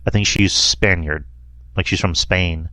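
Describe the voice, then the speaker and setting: A man's voice: deep voice, steady tone, measured pace, bright, forceful tone, no room sound. A man hosting a casual movie review chat, rambling and laughing often. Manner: rambling, laughs often, quotes lines in a mocking voice. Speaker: podcast host.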